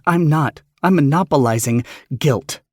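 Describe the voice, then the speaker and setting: A man voicing a grieving young woman who lashes out in raw, sharp words. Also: medium pitch, sing-song, slow, husky, no echo, studio quality, voice pushed up, exaggerated voice. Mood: bitter.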